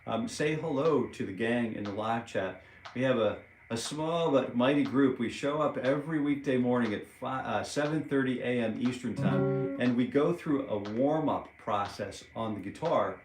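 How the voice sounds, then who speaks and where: A man's voice: mid-range voice, moderate pace. A man hosting a casual live-stream guitar lesson, chatting in a rambling way and counting rhythms aloud while he plays, recorded on a propped-up phone at home. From United States. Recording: roomy echo under loud guitar playing.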